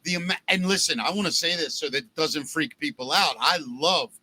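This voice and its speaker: Bright, lively middle-aged podcast host. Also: male voice, on the high side, fairly quick. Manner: animated storyteller acting out quotes, swears freely. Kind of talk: casual podcast chat.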